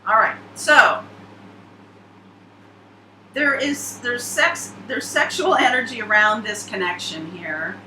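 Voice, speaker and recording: Chatty woman reading tarot, bright roomy sound. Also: on the high side, slow pace, pauses often, slight background noise. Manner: chatty, laughing, rambling asides. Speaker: tarot reader.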